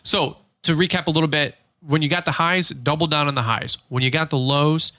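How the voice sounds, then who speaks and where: Guy rambling on a business podcast, bright forceful voice, laughs a lot, dry close sound. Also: a little high, steady tone, brisk, no echo. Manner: rambling, joking, laughs often. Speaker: podcast co-host. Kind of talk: casual business chat.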